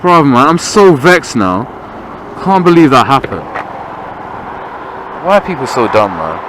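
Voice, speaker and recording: A man's voice: mid-range voice, big pitch swings, a little slow, low-quality recording. A young man, a learner driver ranting and swearing in exasperation while he drives. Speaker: learner driver filming himself. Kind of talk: ranting in-car commentary. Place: inside a car on a busy road. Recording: car interior with loud road and traffic noise.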